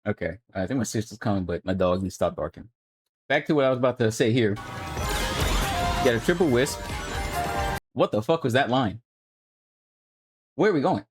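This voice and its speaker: A young man talks through gameplay footage in a relaxed, coaching way, swearing now and then. His voice sits at an ordinary middle pitch. Faint game music plays underneath as he streams from home. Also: normal speed, long pauses, husky. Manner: laid-back, coaching, swears casually. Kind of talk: casual commentary.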